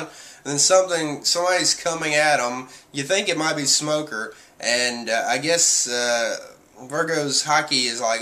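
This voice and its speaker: A man gives a casual, rambling review, retelling the story with lots of "uh" and "like" and acting out lines as he goes. His voice is bright and forward, pitched in a middling range. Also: normal speed. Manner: rambling retelling with many fillers, acting out quotes. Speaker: manga reviewer.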